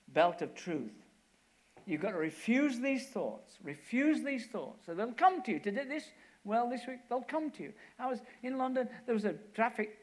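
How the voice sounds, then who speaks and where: Older guy preaching, animated pitch all over, builds to forceful bits. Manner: storytelling, rising to forceful exhortation. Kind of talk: sermon.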